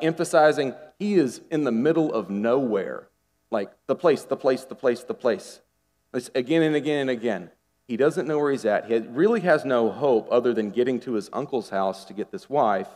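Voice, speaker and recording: Animated preacher in a reverberant hall. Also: male voice, medium pitch. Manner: animated, conversational preaching with rhetorical questions. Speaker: pastor. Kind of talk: sermon.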